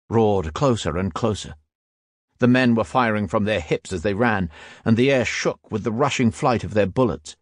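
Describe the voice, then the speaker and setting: A man narrates in a low, steady voice with grave, even delivery. The recording is dry with no room sound. It is scripted storytelling read from a memoir. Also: moderate pace, dry recording.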